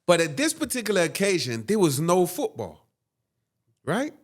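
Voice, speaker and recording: On an interview show, a man shares something from his own life, speaking at a normal speed with a high pitch. He tells it dramatically and with animation, tossing in "right?" again and again.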